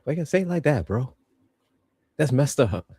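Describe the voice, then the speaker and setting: A man's voice: medium pitch, very animated, fairly quick, mellow, breathy edge, no room sound. A man hosting a podcast, reviewing a show in casual, joking chat. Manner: playful, joking, laughs a lot. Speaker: podcast host.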